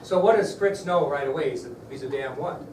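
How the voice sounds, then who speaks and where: A man gives a history lesson to his class, slightly high in pitch, telling the story casually and stopping to quiz his students. He sounds distant from the mic in a roomy, echoing classroom with a faint hiss behind him. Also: brisk, a little mellow. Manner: conversational storytelling, asks the class questions. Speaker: history teacher. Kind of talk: classroom lecture. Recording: echoey room, mic far off, faint background noise.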